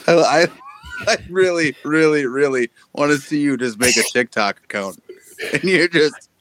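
A man's voice: on the high side, normal speed, a bit bright, a little hiss or hum, poor audio. A man co-hosting a podcast, joking around and teasing his friends, swearing freely. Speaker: podcast co-host. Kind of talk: casual chat.

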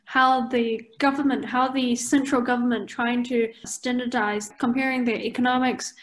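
A woman's voice: a little high, flat delivery, moderate pace. A woman chatting casually as a co-host, laughing often and filling her talk with "like". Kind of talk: casual chat.

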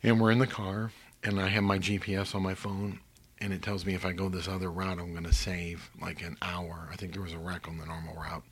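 Low, husky older man telling faith stories. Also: level tone, fairly quick. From Missouri, US. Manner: earnest, drops to a hushed whisper for emphasis. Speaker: guest. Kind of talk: faith testimony storytelling.

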